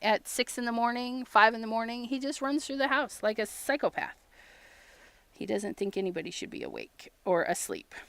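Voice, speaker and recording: Smooth-voiced chatty woman crafter. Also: on the high side, very animated, normal speed. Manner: chatty storyteller who laughs often and acts out little quotes; gives shout-outs to viewers while crafting. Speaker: crafting livestream host. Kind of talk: casual live-stream chat.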